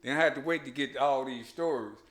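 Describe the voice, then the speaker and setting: A man telling a childhood story in casual chat, animated and laughing, full of slang and restarts. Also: mid-range voice, fast talker. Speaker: podcast host. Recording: echoey room.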